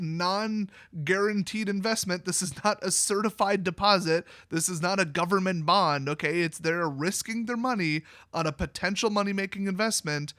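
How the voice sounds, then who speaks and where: A young man from Wisconsin hosts his own card game video, talking alone with blunt, emphatic sarcasm. His voice sits a little high for a man. The recording is dry and close, with no room sound. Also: pushed and bright, dry recording. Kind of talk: opinionated solo commentary.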